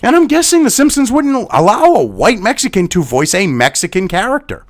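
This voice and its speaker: Male commentator, exasperated profane ranter with a swooping, animated delivery. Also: sits high, fairly quick. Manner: swearing heavily, exasperated, sighing. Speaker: commentary host. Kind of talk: angry profane commentary rant.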